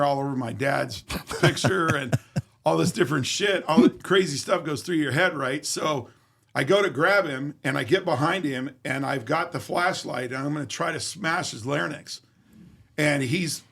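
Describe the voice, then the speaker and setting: A man with a gravelly, fry-laced voice and a somewhat high pitch tells a story in an interview. He is vivid and profane, and he acts out every exchange of dialogue. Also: fairly bright tone. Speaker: interview guest. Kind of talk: casual storytelling.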